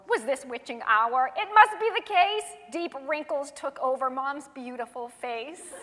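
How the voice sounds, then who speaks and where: A woman reading her own rhyming children's poem aloud in a sing-song, expressive way. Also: sits high, big-room sound.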